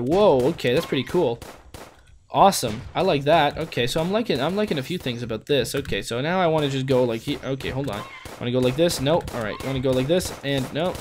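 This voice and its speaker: Male gaming host, let's play commentary, chatty and jokey, talks through every move, average pitch, faint noise behind. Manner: goofy rhymes and wordplay.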